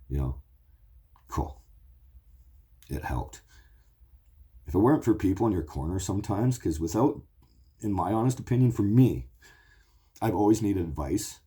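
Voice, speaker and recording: Forties guy swearing and rambling about his life, really low voice, dark and kinda husky. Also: animated, normal speed, pauses often. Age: 40s. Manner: blunt, profane, emotional. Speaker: show host. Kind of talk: rambling confessional monologue.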